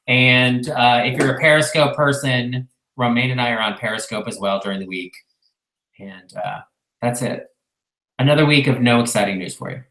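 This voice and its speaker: A man's voice: medium pitch, moderate pace, bright, forceful tone, echoey room, rough recording. A man co-hosting a casual live video chat, easygoing and mildly wry. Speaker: co-host.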